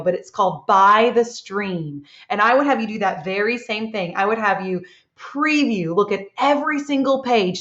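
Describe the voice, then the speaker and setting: A woman teacher guiding young children through a reading lesson, praising them often. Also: on the high side. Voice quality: encouraging, lots of praise. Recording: echoey room, dull sound.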